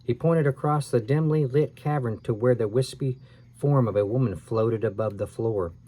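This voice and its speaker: A man's voice: mid-range voice, moderate pace, dark tone. Man reading a spooky story aloud. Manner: reads with expression and small self-corrections. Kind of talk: dramatic read-aloud of a scary children's story.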